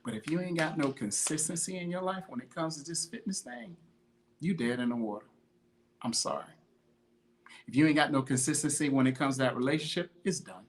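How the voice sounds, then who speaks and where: A man hosting a podcast, giving an emphatic motivational talk on consistency in a slangy, repetitive, preachy way. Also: on the high side. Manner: greets viewers by name mid-talk. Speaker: podcast host, fitness motivator. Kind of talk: motivational monologue.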